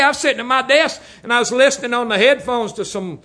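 High bright preacher man, older. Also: fast, hardly any pauses. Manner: jokey, storytelling, chuckles often. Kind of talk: folksy humorous sermon.

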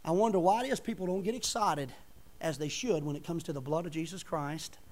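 A male preacher delivering a fervent sermon, building to loud emphatic peaks when reading scripture. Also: on the high side, brisk.

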